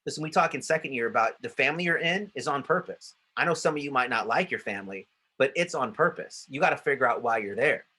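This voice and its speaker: A man speaks to former students in a relaxed, conversational way, and he gets animated when he acts out old conversations. His voice is bright and forward, at a middle pitch. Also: fast talker, few pauses, slightly rough. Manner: animated, acts out quoted dialogue. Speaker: ministry school staff speaker. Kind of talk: casual talk to alumni.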